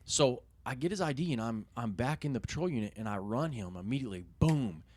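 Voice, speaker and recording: A young man telling a story as a podcast guest, swearing constantly and animated, often laughing at his own anecdote. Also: medium pitch, a little fast, no echo. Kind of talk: casual storytelling in a podcast interview.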